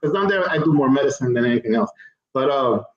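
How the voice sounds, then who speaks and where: Older man telling a lively story in an echoey room. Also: medium pitch, quick pace. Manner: animated storyteller who acts out other people's voices. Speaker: physician and cigar company founder, guest. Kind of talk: casual chat, telling an anecdote. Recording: echoey, dull-sounding room.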